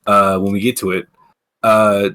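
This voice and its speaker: A man's voice: lowish voice, flat delivery, unhurried, bright, forceful tone. A man hosting a casual gaming podcast, ranting with plenty of swearing and filler words. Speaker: podcast host. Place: streaming setup.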